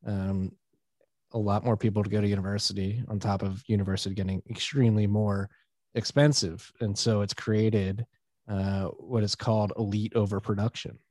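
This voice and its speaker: A man co-hosting a podcast, chatting casually and explaining his views in an animated, opinionated way. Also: fairly low pitch, normal speed, no room sound. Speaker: podcast co-host. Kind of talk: casual conversational chat.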